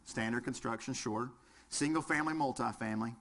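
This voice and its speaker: In this clip the Southern US fire service instructor sounds medium-pitched and a bit bright, talking a little fast. His lecture invites audience participation, mixing quiz questions with humor.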